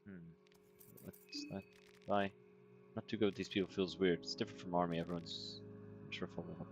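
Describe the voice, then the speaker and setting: A man giving casual, wry commentary while playing a video game, with deadpan jokes and frequent fillers. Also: deep voice, normal speed, muffled recording, soft background music. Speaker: gaming streamer. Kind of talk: casual let's play commentary.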